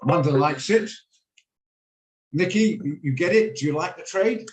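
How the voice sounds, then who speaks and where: On a video call from his home office, a man runs a live trading lesson, walking through his orders and checking in with attendees by name. His voice sits on the high side with lively intonation and an unhurried pace. The audio is poor and sounds roomy.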